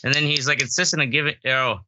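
A man's voice: medium pitch, fairly even intonation, racing, bright, forceful tone, no echo. A man co-hosting a podcast who tells a story in a laid-back way and chuckles now and then. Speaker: podcast co-host. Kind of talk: casual chat.

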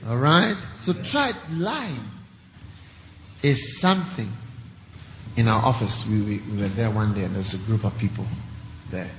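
A man preaching as bishop, emphatic, alternating quiet and loud, asking rhetorical questions. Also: fairly low pitch, animated, measured pace, long pauses, background noise. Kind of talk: sermon. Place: large church hall. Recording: echoey hall, muffled.

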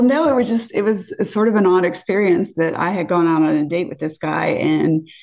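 A woman's voice: fairly low pitch, a little mellow. A woman from California, a podcast guest, telling a dating story casually, acting out quotes and swearing freely.

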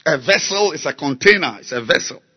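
A man preaching a sermon, slow and emphatic, repeating key words and building to loud exhortation. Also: a little high, animated, slightly rough. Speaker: pastor.

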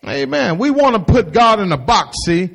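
Husky, high-voiced, animated preacher man. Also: moderate pace. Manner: animated preaching with folksy asides and call-and-response; acts out voices of the people he quotes. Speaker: pastor. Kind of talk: sermon.

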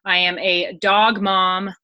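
A woman's voice: medium pitch, little pitch movement, takes it slowly, muffled recording. A woman in her twenties from the United States, a guest on a podcast who talks in an enthusiastic, friendly way. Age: 20s. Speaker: guest, dieting coach. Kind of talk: casual podcast interview.

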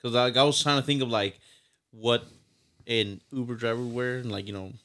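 A man's voice: mid-range voice, fairly even intonation, a little fast, bright, forceful tone. A man co-hosting a podcast in casual chat, rambling with lots of fillers. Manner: rambling, heavy use of fillers. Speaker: podcast co-host.

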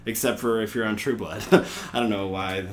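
A man's voice: on the low side, fairly even intonation, moderate pace, slight background noise. A man hosting a podcast, talking in a rambling, joking way full of fillers. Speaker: podcast host. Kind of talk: casual podcast chat.

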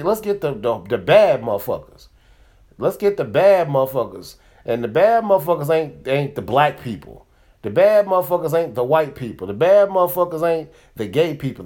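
A man's voice: a little high, darkish tone. A man hosting a comedy podcast, speaking in a rambling, profane, heated monologue full of fillers and restarts. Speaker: podcast host. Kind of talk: casual monologue.

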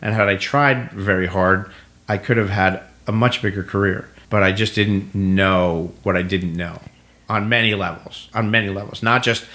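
Middle-aged man with a low voice, animated storyteller who acts out quoted dialogue. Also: moderate pace. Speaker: guest actor. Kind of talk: casual storytelling.

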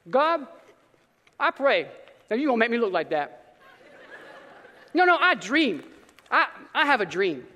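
A male pastor preaching a sermon in an energetic, casual way with slang, now and then breaking into shouts. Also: very high voice, big-room sound.

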